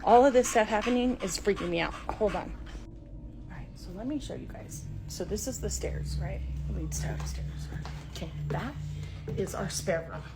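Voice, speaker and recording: A woman's voice: medium pitch, animated, moderate pace, music in the background. A middle-aged woman filming inside her house on a phone, talking urgently to viewers, frightened and dropping to whispers. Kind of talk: handheld home video talking to viewers. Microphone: phone camera. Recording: home phone video with clear background noise.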